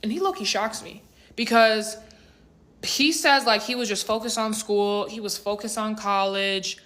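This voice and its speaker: A woman's voice: mid-range voice, unhurried, fairly bright tone. A woman in her twenties telling a dramatic personal story in a chatty, slangy vlog style. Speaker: vlogger.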